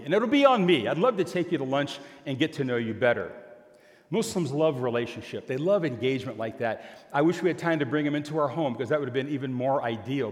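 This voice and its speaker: An older man preaching a sermon, telling a story and acting out both sides of a conversation in an animated way. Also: medium pitch. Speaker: pastor. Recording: long hall reverb.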